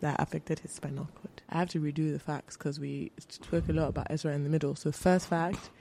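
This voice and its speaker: A woman's voice: low-pitched, flat delivery, fairly quick, gravelly, mellow, a little hiss or hum. A young woman co-hosting a podcast, setting up a true-or-false quiz in a playful, chatty way. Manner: playful quiz-giving storyteller. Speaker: podcast co-host. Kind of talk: casual chat.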